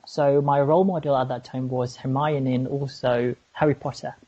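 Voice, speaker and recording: A low-voiced woman with a husky edge and a learned British RP accent, talking earnestly on a casual podcast. She pauses to hunt for the right words. The recording sounds a little muffled and lo-fi. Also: steady tone, warm tone. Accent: contemporary British RP, learned. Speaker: co-host. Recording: slightly muffled, lo-fi.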